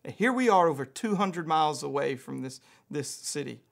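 Animated Louisiana pastor telling a story. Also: male voice, on the high side, normal speed, gravelly. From Louisiana, USA. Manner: animated storyteller, acts out voices, chuckles. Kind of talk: sermon with personal story.

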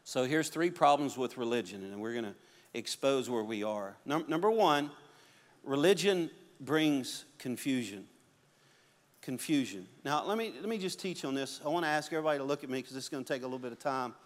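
Animated preacher man in a reverberant hall. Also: mid-range voice, fairly quick. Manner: animated, acts out quotes and stories. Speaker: pastor. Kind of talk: sermon. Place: church sanctuary.

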